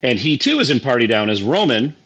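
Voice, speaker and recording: A man with a mid-range voice gives his view of a movie on a podcast. He speaks in a measured way, pausing often on fillers. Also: medium pitch, sing-song, a bit bright, slightly rough, low-quality recording. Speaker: podcast co-host. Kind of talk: casual movie review.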